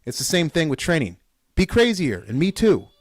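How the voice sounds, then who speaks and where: A man's voice: fairly high pitch, sing-song, a little fast, dry recording. Fired-up man giving a dry pep talk. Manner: fired-up, repetitive exhortations with loud bursts. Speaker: podcast host. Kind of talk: solo podcast pep talk.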